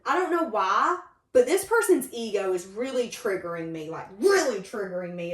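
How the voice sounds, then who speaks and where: A woman giving a tarot reading to camera in an emphatic, animated way. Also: a little high, moderate pace. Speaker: tarot reader. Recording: roomy echoey room.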